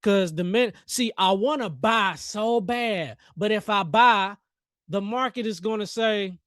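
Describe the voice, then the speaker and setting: A man's voice: high-pitched, a little slow, a bit bright, no echo, studio quality. A man hosting a trading livestream, joking and talking back to the chart in casual live commentary. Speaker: livestream host and futures trader.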